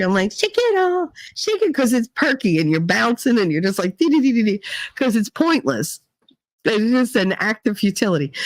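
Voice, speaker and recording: A woman's voice: fairly low pitch, no echo, low-quality recording. Middle-aged lady chatting with her stream chat, cusses a lot, dry close sound. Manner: chatty, swears freely, answers viewers by name. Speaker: livestream host reading chat. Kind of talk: casual chat.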